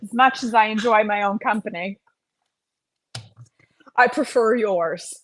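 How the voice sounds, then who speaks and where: A woman's voice: medium pitch, measured pace, fairly bright tone. A middle-aged woman, chatting casually on a cooking livestream and greeting viewers by name with playful sing-song asides. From North Carolina, USA. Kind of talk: casual live-stream chat while cooking.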